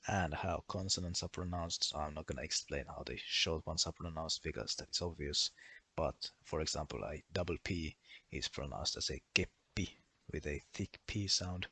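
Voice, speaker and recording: A man's voice: rumbling low, normal speed, sharp tone, breathy edge, no echo. A man narrating a language lesson as a voice-over, going through pronunciation rules methodically and listing one example after another. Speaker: language explainer.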